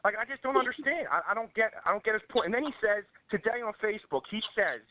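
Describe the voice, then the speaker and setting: Brief: fairly high-voiced man, aggrieved and stammering, casual talk-show guest, narrow phone-line sound. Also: animated, fast talker, few pauses. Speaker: podcast guest. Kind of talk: casual chat.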